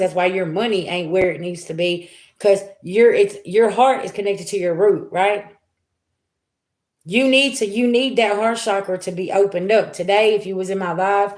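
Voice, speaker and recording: Woman tarot reader, casual and chatty, mid pitch, echoey room. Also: a little mellow. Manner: chatty, talks straight to viewers, frequent "okay?" and "y'all". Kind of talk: casual tarot reading to viewers. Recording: roomy echo.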